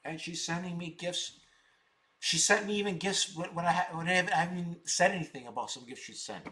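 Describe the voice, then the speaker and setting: A man's voice: sits high, fast talker, bright, forceful tone. A middle-aged man hosting a live stock-trading stream, boasting and combative, repeating words for emphasis.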